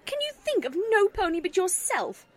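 A woman voicing a grieving young mare musician, weary and bitter, speaking low and subdued. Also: unhurried, husky. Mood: furious.

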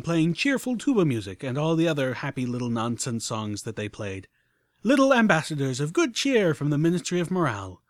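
Guy reading an audiobook, bouncy lively pitch, dry close mic. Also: no room sound. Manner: animated first-person storytelling. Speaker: audiobook narrator. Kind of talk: expressive audiobook narration.

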